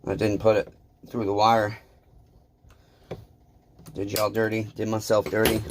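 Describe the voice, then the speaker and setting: Flat, low-voiced repair vlogger. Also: male voice, unhurried, background noise. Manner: blunt, self-deprecating, rambling asides to viewers. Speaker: small engine repair vlogger. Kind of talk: casual talk while repairing.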